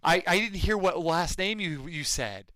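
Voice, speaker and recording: A soft-spoken middle-aged man chats casually as co-host, trading dry quips. His pitch moves in a lively way. The recording is close and dry. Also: normal speed, no room sound. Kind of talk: casual chat.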